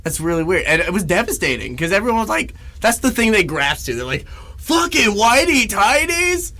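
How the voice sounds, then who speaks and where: A man in his twenties co-hosting a comedy podcast, telling stories in a casual, animated way, laughing often. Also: fairly high pitch, fast talker. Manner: animated, laughs a lot, acts out other people in loud voices. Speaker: podcast co-host.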